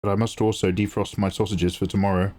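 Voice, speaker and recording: A man who streams his drawing and chats excitedly, swearing freely and reading out viewer messages. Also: lowish voice, quick pace. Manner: excitable, swears freely, reads chat aloud. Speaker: live-streaming artist. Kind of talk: casual livestream chat.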